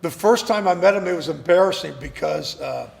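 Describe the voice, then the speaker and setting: A man talks as an actor guest in an interview, telling animated stories. His voice sits high and has a gravelly edge. He often repeats words as he starts a sentence, and a long reverb trails behind him. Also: fairly quick. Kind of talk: casual interview chat.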